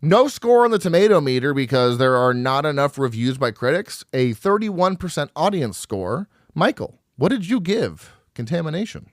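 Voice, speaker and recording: A man co-hosting a horror film podcast in casual chat, animated and quick to laugh as he reads out reviews. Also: a little high, no echo, clean studio sound. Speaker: podcast co-host.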